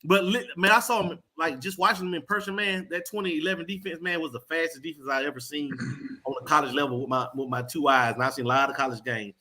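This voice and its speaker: A man's voice: a little high, fairly even intonation, quick pace, sharp tone. A man co-hosting a sports talk show, emphatic and hyped, repeating names for emphasis. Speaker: podcast co-host.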